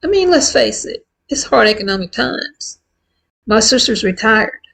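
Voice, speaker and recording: A woman in her fifties talking candidly and warmly to her viewers in a casual, heartfelt vlog. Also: fairly high pitch, animated, moderate pace, gravelly, slightly rough, poor audio. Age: 50s. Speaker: vlogger. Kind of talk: casual chat to camera.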